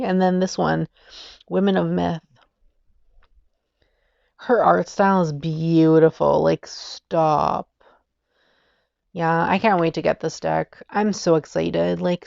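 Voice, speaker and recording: Enthusiastic woman vlogger, unhurried delivery with a touch of fry, dry muffled home recording. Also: lowish voice, a little mellow, no echo. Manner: gushing, enthusiastic, giggly. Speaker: tarot deck reviewer. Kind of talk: casual video review.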